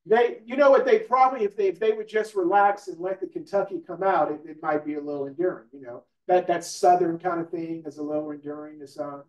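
A man with a high voice teaches a live training class, talking casually and checking in with the room. The sound is roomy and echoey. He is picked up from some distance away. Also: expressive, quick pace, hardly any pauses, a little mellow. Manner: conversational, asks the room questions, repeats "right?". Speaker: real estate trainer.

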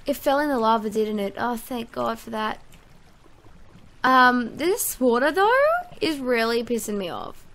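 A high-voiced woman with a bright, sharp tone narrates her game in chatty, excitable commentary. She talks to herself and her viewers as she goes. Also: measured pace, a little hiss or hum. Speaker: gaming YouTuber. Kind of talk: casual let's-play commentary.

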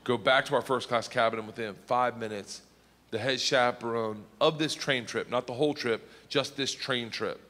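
A man doing stand-up storytelling, animated and shouting his punchlines, recorded live in a reverberant hall. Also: medium pitch, normal speed. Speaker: stand-up comedian. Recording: live comedy hall reverb, faint noise.

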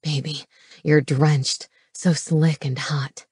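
A tender, teasing man speaks in a low, hushed voice, as a woman narrator puts him on. He sounds soft-spoken and unhurried, in a dry, close audiobook recording. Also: steady tone, breathy edge, dry recording, exaggerated voice.

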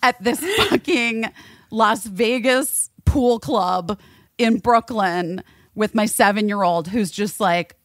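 A woman's voice: mid-range voice, slow pace, no room sound, studio quality. A woman hosting a podcast, telling a story in casual chat with lots of swearing and filler words. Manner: animated, swears, many "like" fillers. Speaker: podcast host.

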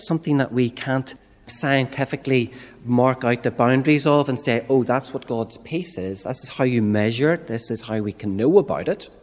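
A man's voice: mid-range voice, darkish tone. A man with a Northern Irish accent preaching a sermon as a minister, talking conversationally and asking rhetorical questions. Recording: church reverb.

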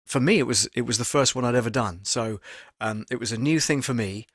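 A man, a voice actor hosting a live stream and talking his viewers through his work in a chatty, animated way full of fillers. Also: medium pitch, a little fast, slightly rough, dry recording, clean studio sound. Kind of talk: casual live-stream teaching talk. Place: home studio booth. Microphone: studio microphone at close range.

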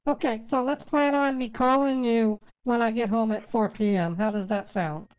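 A man's voice: very high voice, steady tone, moderate pace, clear, resonant tone, no room sound. A man voicing a fragile, rambling woman who sobs with grief and then chatters on sweetly. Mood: chatty, sweet. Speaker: scambaiter.

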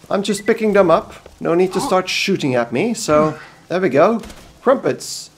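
A man's voice: a little high, big pitch swings, normal speed, a little hiss or hum. A man with a Belgian accent giving rambling, casual commentary over a video game, joking and talking to himself. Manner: rambling, talks to himself, jokey asides. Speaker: let's play host.

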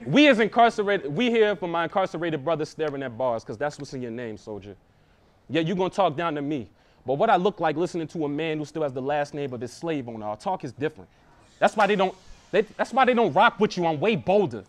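High-voiced young man spitting battle bars. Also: expressive, fast. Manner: punchy, confrontational, repeats lines for emphasis. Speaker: battle rapper. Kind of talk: live battle rap verse.

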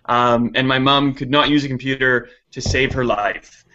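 Bright-voiced man chatting casually. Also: mid-range voice, flat delivery, moderate pace, lo-fi sound. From Canada. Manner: chatty, self-deprecating, lots of "like" fillers. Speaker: guest, gaming website founder. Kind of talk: casual chat.

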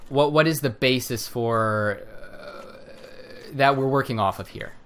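A man's voice: medium pitch, measured pace, a bit bright. Rambling man commenting on gameplay. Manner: rambling, hesitant, wry. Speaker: gameplay host. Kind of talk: casual let's-play commentary.

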